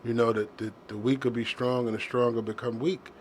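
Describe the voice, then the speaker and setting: A man's voice: medium pitch, flat delivery, brisk, slight background noise. A middle-aged man hosting a heartfelt casual conversation, earnest and sentimental, often restarting his sentences.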